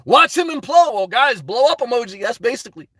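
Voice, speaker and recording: A man live-streaming, chatting to viewers in a high-energy, effusive way as he answers their messages. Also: very animated, fairly quick, pushed and bright, no room sound. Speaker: live streamer reading chat and donations. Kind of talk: casual live-stream chat.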